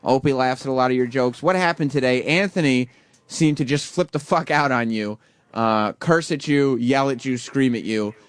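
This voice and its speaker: A man's voice: medium pitch, normal speed, smooth, no echo. A man hosting a talk radio show, teasing his caller with casual, wisecracking banter.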